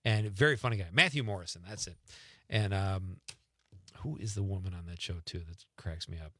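A man's voice: deep voice, fairly quick, fairly bright tone, no room sound. A middle-aged man hosting a radio show in easygoing, rambling casual talk. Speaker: radio host.

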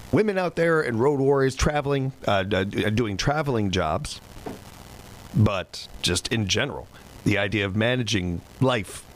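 A man's voice: on the low side, a little hiss or hum, rough recording. Folksy, rambling country radio host man. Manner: folksy, rambling, self-deprecating. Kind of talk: casual radio show chat.

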